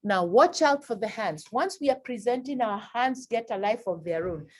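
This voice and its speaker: A woman teaching presentation skills in a lively workshop, acting out examples with big swings in her voice. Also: normal speed. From Kenya. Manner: animated, acts out examples with big pitch swings.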